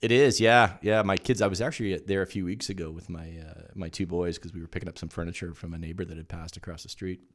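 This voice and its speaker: A man's voice: deep voice, steady tone, fast talker, hardly any pauses. A middle-aged Canadian man, an insurance agent, chatting casually in an interview with lots of fillers and repeated yeahs.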